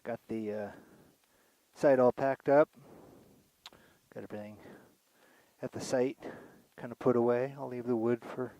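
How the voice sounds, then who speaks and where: A man's voice: mid-range voice, fairly even intonation, warm tone, no room sound, lo-fi sound. A man vlogging from his tent on a camping trip, groggy and rambling with lots of fillers. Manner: rambling, halting, many fillers. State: groggy just after waking. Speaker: motocamping vlogger. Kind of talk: casual camp vlog. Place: inside a hot tent with a wood stove.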